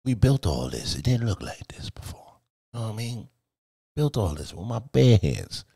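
This middle-aged man's fairly low voice is gravelly, husky, and mellow, with a sing-song lilt at a moderate pace and no echo. A streamer and music video director, he rambles from story to story on a home-studio live stream, boastful, profane, and joking.

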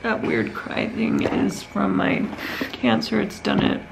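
A woman's voice: mid-range voice, flat delivery, slow, creaky, background noise. A tired woman talking candidly in a casual home vlog, telling a long rambling story with many restarts. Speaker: vlogger.

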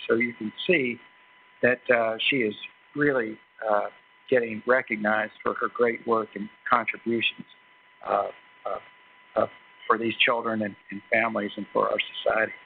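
A man giving a formal introduction of a guest speaker at a lecture, halting often with fillers and restarts. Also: fairly low pitch, little pitch movement, creaky, slight background noise. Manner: hesitant, many fillers and restarts. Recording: tinny phone-like recording.

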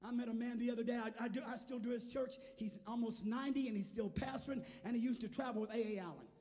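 A man preaching a sermon as a guest, moving between quiet storytelling and shouted, sing-song preaching. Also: extremely high pitch, fast talker. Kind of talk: Pentecostal sermon. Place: large church sanctuary. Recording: church hall with long reverb and faint music.

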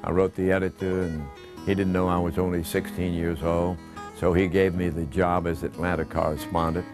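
A man in his eighties, from Georgia in the US, recalling his baseball broadcasting career in an unhurried, folksy interview manner. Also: low voice, little pitch movement, over music. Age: 80s. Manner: unhurried, folksy, gentle chuckles and fillers. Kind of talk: reminiscing interview.

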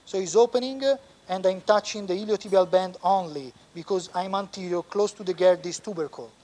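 A man with an Italian accent, a surgeon explaining a knee operation step by step as he works in the operating room, pausing often. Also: high voice, darkish tone. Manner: explains step by step, halting with frequent pauses. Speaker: orthopedic surgeon. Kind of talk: live surgical teaching demonstration.

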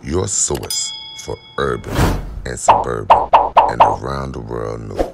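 Very deep-voiced male crime news host. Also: a little slow, vocal fry, over loud music. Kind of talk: news narration.

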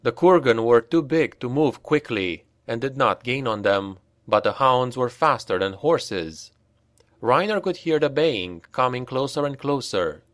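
A male audiobook narrator with a mid-range voice, telling a grim fantasy story at a slow, deliberate pace. The sound is dry and close, with no room around it. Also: medium pitch, animated, no room sound. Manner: unhurried, grave storytelling that lifts for shouted dialogue.

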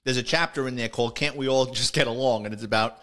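A man's voice: medium pitch, fairly even intonation, quick pace, fairly bright tone. A middle-aged man, a retired police officer, telling stories in a casual, conversational way, full of "he goes" and "I says". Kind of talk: casual storytelling podcast.

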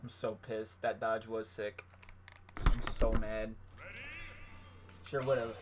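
A man's voice: fairly low pitch, flat delivery, takes it slowly, faint music behind. A man casually commentating his own gameplay on a live stream, self-mocking and swearing when frustrated.

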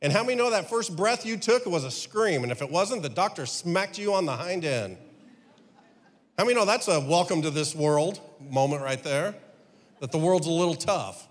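Animated man in his fifties preaching. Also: a little high, normal speed, long reverb tail. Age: 50s. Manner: rhetorical questions, emphatic preaching. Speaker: pastor. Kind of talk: sermon.

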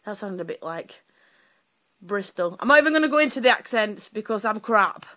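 A woman's voice: mid-range voice, expressive, a little fast, bright, forceful tone. A woman, from Sheffield, telling a personal story to camera in a rambling, chatty way full of fillers and self-corrections. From Sheffield, England. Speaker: vlogger.

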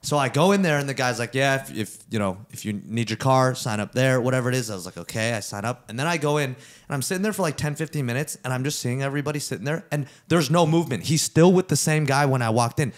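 A young man, a podcast co-host, telling a story in casual chat, animated and laughing as he swears. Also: medium pitch, fast.

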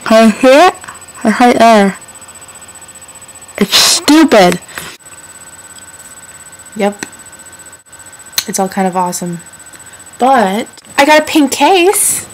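A teenage girl talks to her webcam at home in an easy, rambling way, her speech softened by a slight lisp from the retainer in her mouth. Her voice sits at a medium pitch, and a faint hiss runs behind it. She fills pauses and trails off as she chats. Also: poor audio. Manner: chatty and self-conscious, trailing off with fillers. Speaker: vlogger. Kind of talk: casual chat to camera.

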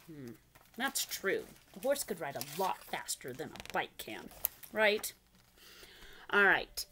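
Woman, young, storybook reader for small kids, slow, sing-song, playful animal sounds. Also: lowish voice, a little hiss or hum. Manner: animated, asks the child questions, makes animal noises. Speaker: children's storyteller. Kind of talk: reading a picture book aloud to preschoolers.

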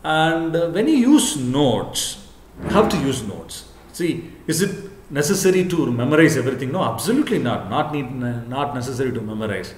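A male professor giving an earnest lecture to camera, repeating his points and often pausing on "what you call". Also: mid-range voice, big pitch swings, slight background noise. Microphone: camera, speaking to camera. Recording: echoey room.

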